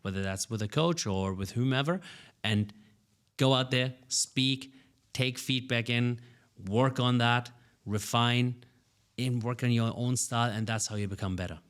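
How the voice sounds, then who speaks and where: A man's voice: mid-range voice, a little slow, fairly bright tone. A man who coaches public speaking, answering interview questions with energy and often repeating words as he starts a sentence.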